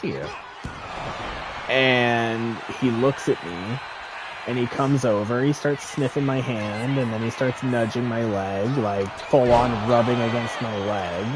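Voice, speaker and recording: A man streaming a game, telling stories in a casual, animated way with lots of swearing. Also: medium pitch, slow, crowd noise, noisy background. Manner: animated storytelling, frequent swearing. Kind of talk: casual chat while gaming.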